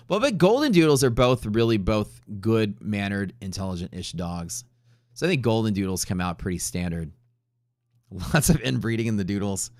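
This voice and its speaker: Low-voiced man rambling on a stream. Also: no echo, studio quality. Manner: rambling, profane, joking asides. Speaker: livestream trading host. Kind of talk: casual chat on a live stream.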